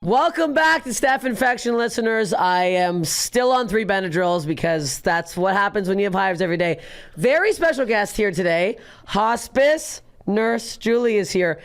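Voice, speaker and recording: A young adult woman from Canada hosting a casual podcast, loud, brash and excitable, swearing freely. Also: mid-range voice, normal speed. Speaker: podcast host.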